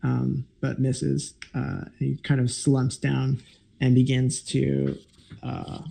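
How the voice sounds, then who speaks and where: Slow gravelly-voiced game master. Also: male voice, mid-range voice, monotone, dark tone. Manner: halting, many fillers. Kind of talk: narrating a tabletop game.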